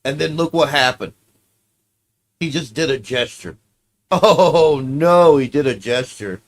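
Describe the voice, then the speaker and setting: A man's voice: on the high side, takes it slowly. A man streaming casually, reacting to clips with offhand, profane commentary.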